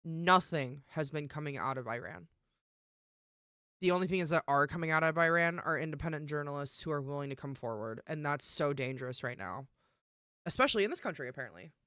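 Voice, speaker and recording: A young woman streamer talking casually and emphatically, swearing often and filling pauses with "um" and "like". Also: sits low, animated, fairly bright tone, clean tone, no echo, studio quality. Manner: emphatic and profane, with many fillers. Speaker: live streamer. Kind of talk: casual live-stream rant.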